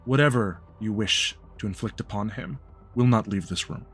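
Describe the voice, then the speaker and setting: Cast: man doing an ancient vampire patriarch, cold, formal, low-pitched. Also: fairly bright tone, slightly rough. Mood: stern. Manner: measured, formal, grave.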